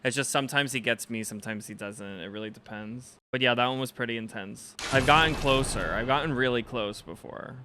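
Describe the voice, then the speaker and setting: A young man streaming a game live, chatting casually with viewers and reacting as he plays, with loud game music behind him. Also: mid-range voice, a little fast, hardly any pauses, noisy background. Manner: casual, chatty, reacting to chat with swings between excitement and frustration. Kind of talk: live gameplay commentary.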